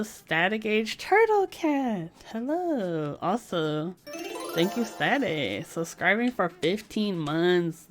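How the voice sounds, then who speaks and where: A woman chatting casually on a live stream from home, giggling often between remarks. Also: mid-range voice.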